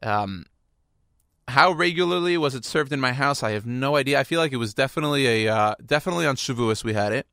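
Bright-voiced playful radio host man. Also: mid-range voice, expressive, quick pace, smooth, no echo, clean studio sound. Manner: rambling and playful, self-mocking. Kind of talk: casual radio chat. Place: radio studio. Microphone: studio microphone.

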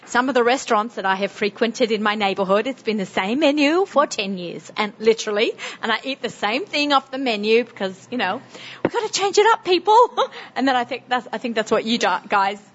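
A woman's voice: on the high side, a bit bright. Chatty aussie lady hosting an interview, strong sydney accent, laughs a lot, kinda muffled recording. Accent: Sydney Australian. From Australia. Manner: chatty, laughs often, quick asides. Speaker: radio show host. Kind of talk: casual interview.

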